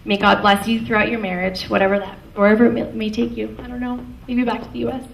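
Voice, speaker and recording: A fast-talking young Canadian maid of honor with a slightly high voice, little pitch movement, and vocal fry gives a fond, light wedding toast, chuckling between lines. She's in a reception hall. The recording comes from far off in the echoey hall with faint noise.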